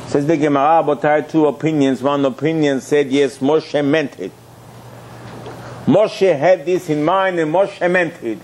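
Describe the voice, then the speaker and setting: Rabbi telling a story animated questions. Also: male voice, fairly high pitch, measured pace, a little hiss or hum. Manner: animated storytelling, acting out dialogue, rhetorical questions. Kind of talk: sermon.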